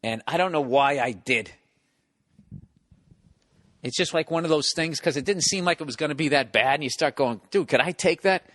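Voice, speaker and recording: A man's voice: on the high side, normal speed, pauses often, fairly bright tone. A man telling a rambling, profane story as a comedy podcast host, acting out bits as he goes. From United States. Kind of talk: casual comedic monologue.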